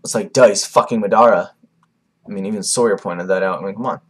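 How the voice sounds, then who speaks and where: A man's voice: fairly low pitch, quick pace, slight background noise. Rambling young man reviewing a comic. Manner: rambling, with many fillers and restarts. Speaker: manga reviewer. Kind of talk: casual video commentary.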